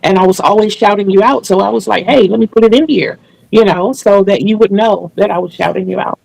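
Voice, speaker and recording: A woman hosting a relaxed online interview, her voice carrying a gravelly fry. She talks earnestly and at length, restarting now and then. The sound is dry and close, with no room echo. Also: medium pitch, brisk. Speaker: channel host interviewing a guest. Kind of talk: casual video interview chat.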